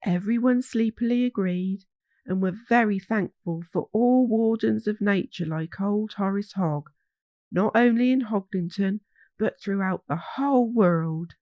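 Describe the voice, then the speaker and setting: A woman reading a children's storybook aloud in a gentle, measured way. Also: medium pitch, no room sound.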